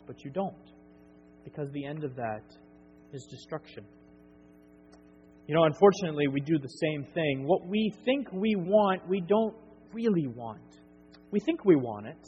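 A middle-aged male preacher with a somewhat high voice, delivering an earnest sermon that swells to emphatic peaks and falls back to quiet. His voice rings with long reverb through a dull, lo-fi church recording over a faint hum. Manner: earnest, builds to emphatic peaks then drops soft. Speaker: pastor. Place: church sanctuary.

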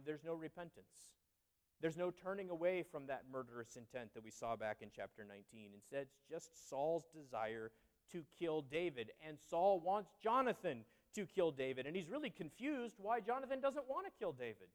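A man's voice: a little high, sing-song, normal speed. A man teaching through a Bible passage in a conversational way, with candid asides and frequent fillers. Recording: long reverb.

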